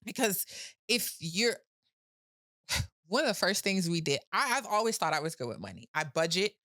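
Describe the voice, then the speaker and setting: A woman's voice: fairly low pitch, sing-song, normal speed, fairly bright tone, dry recording, studio quality. A woman guest on a podcast, a business owner talking candidly in casual conversation, often laughing and repeating words as she starts sentences.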